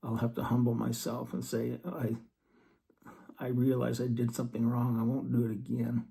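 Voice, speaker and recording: A man giving an earnest scripture study talk, reading verses slowly and then explaining them. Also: mid-range voice, completely flat delivery, vocal fry, warm tone. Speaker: religious teacher.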